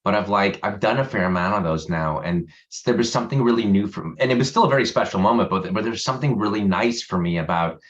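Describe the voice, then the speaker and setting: A man's voice: fairly low pitch, quick pace, few pauses. A man, an actor being interviewed, chatting casually over a video call, rambling, restarting his sentences and laughing easily. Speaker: actor guest. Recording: dull lo-fi video call audio.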